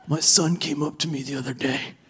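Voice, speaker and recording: A woman's voice: low-pitched, steady tone, brisk, breathy edge, voice pushed down. A woman playing a crude male edgelord comedian, mocking and sneering, on a theater stage. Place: theater stage with live audience. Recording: live crowd and noise in theater.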